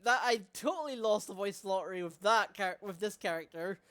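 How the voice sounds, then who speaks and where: A woman streamer reading game dialogue aloud, voicing every part herself in an animated way. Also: medium pitch, brisk. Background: game music.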